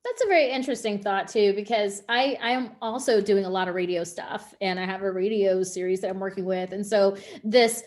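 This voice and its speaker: A woman interviewing a guest, curious and expressive in her questions, with a conversational radio-host manner. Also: mid-range voice, a little fast, hardly any pauses. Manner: curious, expressive, laughs easily.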